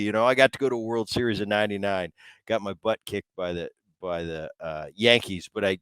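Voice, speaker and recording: A middle-aged man hosting a sports podcast in a relaxed, chatty way, often restarting his sentences. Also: fairly low pitch, fairly quick, clean tone, no echo, rough recording. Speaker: podcast host. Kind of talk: casual interview chat.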